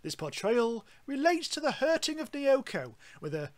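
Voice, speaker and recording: A man voicing a snooty, pompous male art critic, reading in a drawn-out, lofty way. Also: extremely high pitch, very animated, pitched above the performer's own voice.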